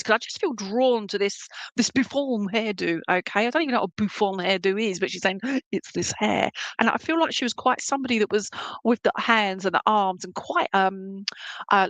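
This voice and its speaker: A woman's voice: mid-range voice, a bit bright, dry recording. A woman working as a medium, giving a chatty, reassuring clairvoyant reading at a church service and often checking in with her listeners.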